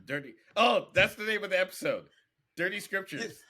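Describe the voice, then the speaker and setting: A young man from Alabama co-hosting a podcast, talking in a halting, casual way with many restarts. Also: high-pitched, lively intonation, a crowd in the background. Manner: halting, restarts often, acts out quotes. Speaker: podcast co-host. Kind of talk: casual comedic chat.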